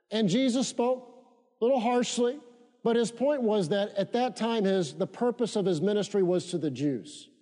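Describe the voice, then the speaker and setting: A male pastor delivers a sermon in a high yet mellow voice, hammering key phrases through repetition and calling on the congregation to repeat after him. His voice carries a long reverb, as if recorded in a large church hall. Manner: emphatic repetition, leads congregation in call-and-response.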